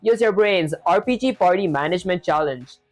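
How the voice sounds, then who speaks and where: A man streaming live coding, talking quickly in a casual, chatty way, reading instructions aloud and filling gaps with fillers. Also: high-pitched, expressive, soft background music. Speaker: programming streamer.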